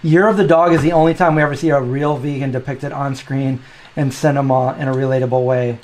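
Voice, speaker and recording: A man's voice: medium pitch, fairly even intonation, fairly quick, darkish tone, low-quality recording. A man hosting a casual cooking show, chatting loosely and thinking aloud with frequent restarts. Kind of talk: casual chat.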